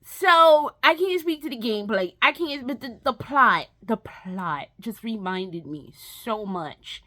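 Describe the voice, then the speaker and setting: A woman's voice: fairly high pitch, lively intonation, slow pace, sharp tone. A woman gaming vlogger ranting casually and profanely, exasperated, breaking into mocking whiny impressions.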